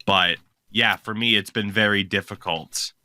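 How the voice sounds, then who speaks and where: A man hosting a casual hockey podcast, chatty and quick to laugh. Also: lowish voice, dry recording. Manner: chatty, laughs often, animated storytelling. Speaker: podcast host.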